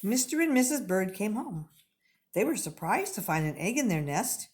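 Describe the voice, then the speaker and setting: A woman reading a picture book aloud to young pupils, expressive and clearly paced like a teacher. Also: mid-range voice, normal speed. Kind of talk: children's read-aloud.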